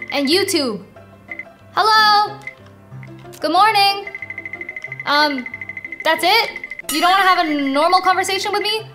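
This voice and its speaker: Very high-voiced excitable woman gamer. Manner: excitable, reads game text aloud, talks to viewers. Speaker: gaming video host. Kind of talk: playful gameplay commentary. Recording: game music playing behind voice. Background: game music.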